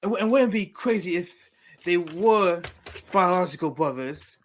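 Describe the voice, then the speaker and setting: A man's voice: high voice, moderate pace. A man hosting a comedy news segment, reading jokes with frequent stumbles and self-corrections. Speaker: comedy show host.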